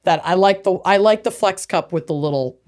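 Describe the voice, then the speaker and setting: A woman podcast co-host in casual chat, talkative and quick to react and laugh. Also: lowish voice, a crowd in the background.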